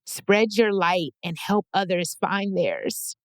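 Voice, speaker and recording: A heartfelt woman in her twenties reads personal letters aloud on her podcast. Her voice sits a little low and is recorded close with no room sound. She sounds emotional and on the edge of tears, speaking with affirmation. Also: lively intonation, takes it slowly, no room sound. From Texas. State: tearful. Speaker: podcast host.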